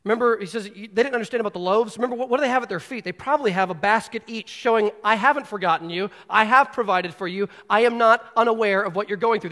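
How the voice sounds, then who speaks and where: High-voiced pastor preaching in a reverberant hall. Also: male voice. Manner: animated, storytelling, speeds up and drops low for emphasis. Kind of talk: sermon. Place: church sanctuary.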